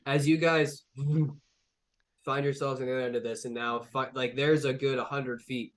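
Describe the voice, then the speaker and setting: A man's voice: mid-range voice, steady tone, normal speed. A man narrating a tabletop game as game master, in a loose way with many fillers. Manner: casual, full of fillers and restarts.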